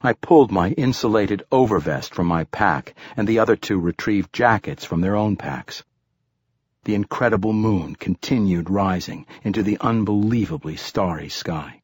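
A man narrating a first-person audiobook in a steady, even storytelling manner. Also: lowish voice, normal speed, slightly rough, no room sound.

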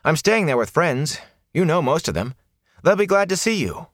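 A man's voice: a little high, big pitch swings, normal speed, no echo, studio quality, voice pushed up. A man voicing an earnest young village man who talks in a pleading, soothing way.

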